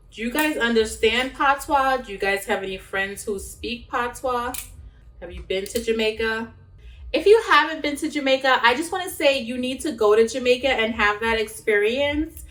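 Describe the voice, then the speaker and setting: A woman's voice: on the high side, fairly bright tone. A young woman chatting casually while she cooks in a home kitchen, rambling with fillers and restarts. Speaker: cooking vlogger. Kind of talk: casual cooking chat. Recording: roomy sound from a distance.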